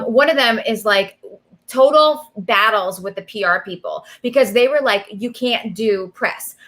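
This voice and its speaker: A woman in her thirties tells stories on a video call, her voice sitting on the higher side. She talks fast and animated, full of fillers and bursts of laughter. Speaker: guest. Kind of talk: casual chat.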